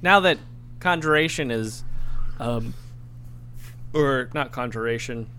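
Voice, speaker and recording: A man playing a tabletop role-playing game, chatting casually and asking animated rules questions. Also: medium pitch, slight background noise. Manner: animated, quick questions and laughs.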